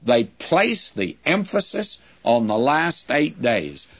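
Guy teaching a bible lesson like a sermon, measured, middle-pitched voice, dull lo-fi recording. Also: big pitch swings, a bit bright, breathy edge. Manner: measured, explanatory, addresses listeners as friends.

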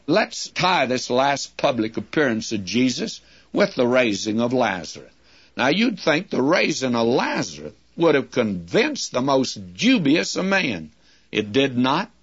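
A man preaching a sermon-style Bible lesson, measured and explanatory, calling his listeners friends. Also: medium pitch, fairly bright tone, husky. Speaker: Bible teacher. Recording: dull lo-fi recording.

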